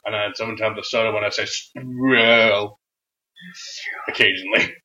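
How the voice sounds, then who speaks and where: A man co-hosting a casual wrestling chat, animated, swearing and often bursting into loud impressions of wrestlers. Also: lowish voice, normal speed. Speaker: podcast co-host. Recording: dull lo-fi sound.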